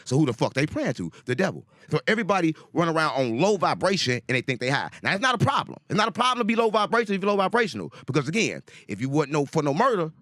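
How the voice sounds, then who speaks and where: A man from St. Louis, a guest in casual conversation, talking in an animated, profane, preaching and storytelling way. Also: on the high side, fast, hardly any pauses, no room sound, clean studio sound. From St. Louis, USA.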